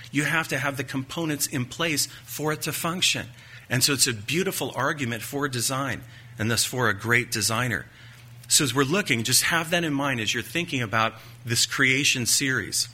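Male preacher, sermon, piercing forceful voice, emphatic rhetorical questions. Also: medium pitch, slightly rough. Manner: folksy asides and light joking. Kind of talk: sermon teaching.

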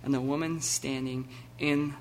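A man preaching a sermon, animated and laughing, acting out the scenes with sudden loud bursts. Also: mid-range voice, a little slow, a little hiss or hum. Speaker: pastor.

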